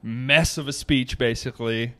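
Animated man co-hosting a chat. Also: medium pitch, moderate pace. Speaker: podcast co-host. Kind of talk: casual chat.

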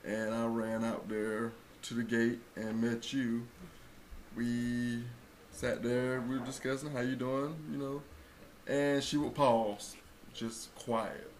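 A man telling a story in casual chat, acting out quotes and rising to loud bursts. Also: mid-range voice, little pitch movement, slow pace, slight background noise. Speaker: co-host telling a birth story.

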